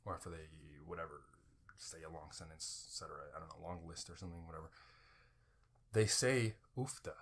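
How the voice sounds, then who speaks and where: A man's voice: low voice, a little fast, vocal fry, breathy edge. A man co-hosting a podcast in casual chat, rambling with many fillers as he explains things. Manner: rambling, full of fillers like "like" and "you know". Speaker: podcast co-host.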